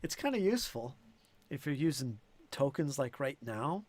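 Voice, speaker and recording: A man's voice: mid-range voice, very animated, normal speed, darkish tone. A man running a tabletop game as game master, thinking aloud with fillers and restarts.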